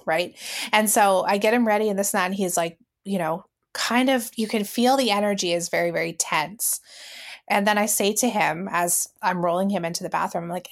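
A woman's voice: mid-range voice, a little fast. A woman co-hosting a casual podcast, speaking reflectively, laughing often and acting out voices she quotes. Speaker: podcast co-host.

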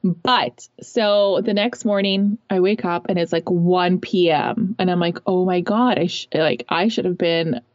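A woman's voice: lowish voice, a little slow, hardly any pauses, darkish tone, dry recording. Chatty young woman telling a story. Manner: chatty, rambling, many fillers. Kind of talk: casual storytelling. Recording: dull lo-fi recording.

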